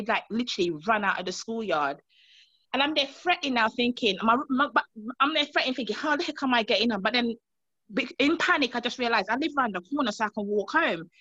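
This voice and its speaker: A woman's voice: a little high, no echo, lo-fi sound. A woman from Montserrat telling an interviewer about a frightening day, acting out the voices of the people in her story. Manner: animated storyteller, acts out quoted voices. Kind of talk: emotional personal recollection.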